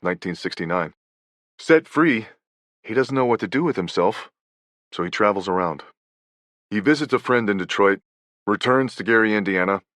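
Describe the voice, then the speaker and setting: A man reading nonfiction as an audiobook narrator, in a measured, even delivery. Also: low voice, no echo.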